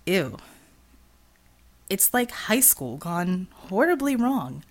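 A woman's voice: mid-range voice, very animated, slow. A woman voicing a sardonic, wisecracking male gunslinger hero in an audiobook. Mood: wry. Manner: sardonic, dry quips.

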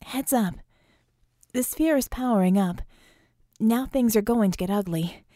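A woman doing a quick, joking tech hero. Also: a little high, mellow, no echo, clean studio sound, lightly acted.

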